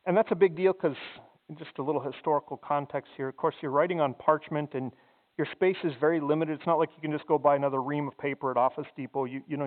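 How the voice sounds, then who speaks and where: Conversational pastor, tinny sound in a hall. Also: male voice, a little high. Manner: conversational, repeats words while thinking. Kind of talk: sermon. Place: church sanctuary. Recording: phone-like sound in a long-reverb hall.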